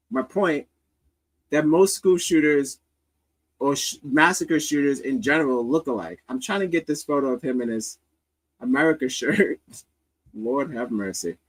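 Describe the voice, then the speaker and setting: A man's voice: a little high, lively intonation, measured pace, pauses often, low-quality recording. A man hosting a comedy podcast, riffing loosely with laughter and profanity. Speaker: podcast host. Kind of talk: casual comedic commentary.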